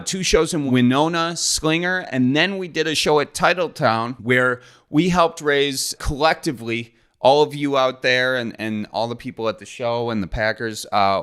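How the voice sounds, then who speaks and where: A man's voice: mid-range voice, a bit bright, smooth. A man, hosting his podcast in a folksy, joking, rambling way. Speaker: podcast host. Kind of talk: casual solo podcast intro.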